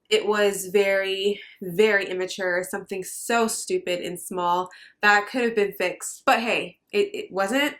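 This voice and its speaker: A woman's voice: mid-range voice, a bit bright. A young adult woman telling her personal story straight to the camera in a vlog. She talks earnestly, hesitates often and sounds close to tears. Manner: earnest, hesitant with many fillers. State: emotional, near tears. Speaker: vlogger.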